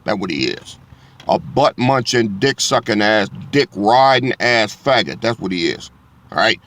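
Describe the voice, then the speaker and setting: A man's voice: fairly low pitch, lively intonation, unhurried, a bit bright. A man preaching a blunt, profane sermon. He reads scripture aloud and keeps checking in with his listeners.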